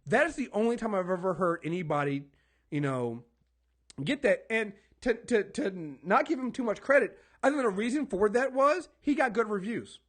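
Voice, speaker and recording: A man's voice: high-pitched, lively intonation, moderate pace, fairly bright tone. A man co-hosting a podcast, ranting in casual chat, emphatic and swearing, often stumbling over repeated words. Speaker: podcast co-host. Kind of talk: heated casual podcast rant.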